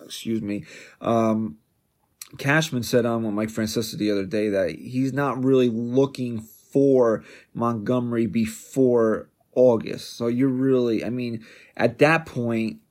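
A man's voice: mid-range voice, steady tone, unhurried, a little mellow. A man hosting a sports podcast, delivering a combative, sarcastic rant full of jabbing questions. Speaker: podcast host.

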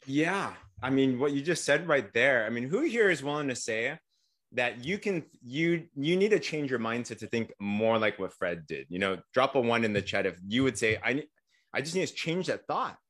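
A male host of a live-streamed interview turns to his viewers, his pitch rising and falling in a lively, animated way. He speaks directly to the audience and invites them to respond. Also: moderate pace.

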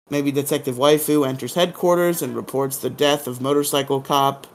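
Recapping a TV episode for his podcast, a male host keeps it casual, jokey, and irreverent, even humming goofy sound effects. He has a mid-range voice with a steady tone and talks at a moderate pace with hardly any pauses.

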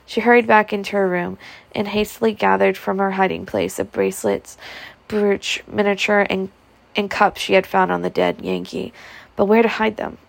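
A woman narrates a novel in a gravelly voice, reading at a steady pace with small stumbles and restarts. Her voice is close to the mic in a dry, deadened space. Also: medium pitch, normal speed, no echo. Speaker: audiobook reader.

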